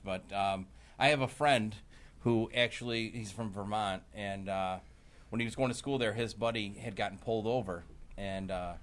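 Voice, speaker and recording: Laid-back man telling an anecdote. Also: on the low side. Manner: laid-back storyteller with many fillers, trails off quietly. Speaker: podcast co-host. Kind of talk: casual chat.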